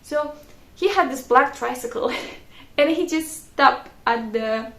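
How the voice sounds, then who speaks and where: Brief: young woman vlogger, high gravelly voice, chatty storyteller, echoey room. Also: takes it slowly, a bit bright. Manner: chatty, laughing often, frequent "like" fillers. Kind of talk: casual storytelling.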